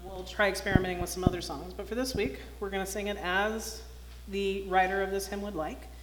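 A woman's voice: medium pitch, brisk. A woman minister reading a children's story aloud and giving announcements at a service. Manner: expressive storytelling, plain announcing. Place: church sanctuary. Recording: roomy hall, faint noise.

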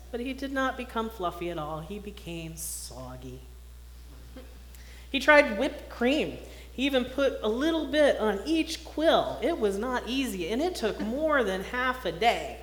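Woman minister in a roomy hall. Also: fairly high pitch. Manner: expressive storytelling, plain announcing. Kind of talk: children's story and announcements at a service. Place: church sanctuary. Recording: roomy hall, faint noise.

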